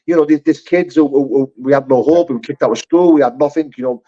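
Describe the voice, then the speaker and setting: A man rattles along at a quick clip, hosting a live chat. He is heartfelt and sweary and often restarts his sentences. The stream audio is dull and lo-fi. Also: medium pitch, dark tone.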